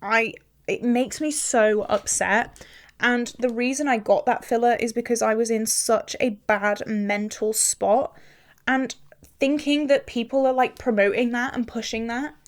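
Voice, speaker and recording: A woman's voice: on the high side, fairly even intonation, a little slow. A young woman in her twenties talking casually to camera while doing her makeup, frank and chatty with lots of "like" fillers. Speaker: beauty vlogger.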